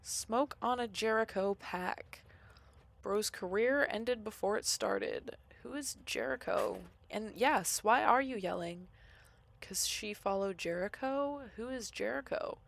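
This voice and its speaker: Young woman, live-stream chat, average pitch, casual and profane, puzzled banter with chat. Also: slow, creaky. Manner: chatty, swears freely, reacts to viewer chat with puzzled banter. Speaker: game streamer. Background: loud game music.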